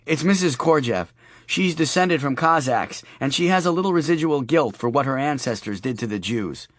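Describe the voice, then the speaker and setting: A man's voice: medium pitch, animated, moderate pace, no room sound, pitched above the performer's own voice, lightly acted. A man voicing a wry, anxious young father. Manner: wry, earnest, dry humor.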